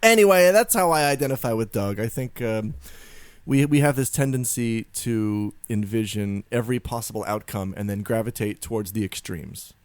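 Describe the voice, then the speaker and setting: A man co-hosting a podcast in casual chat, animated and self-deprecating, jumping between low mutters and high exclamations. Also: normal speed, dry recording. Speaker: podcast co-host.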